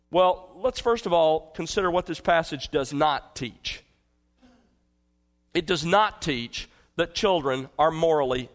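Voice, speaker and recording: Emphatic preacher man, slightly high voice. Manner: earnest, emphatic, swings from forceful to hushed. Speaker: pastor. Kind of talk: expository sermon.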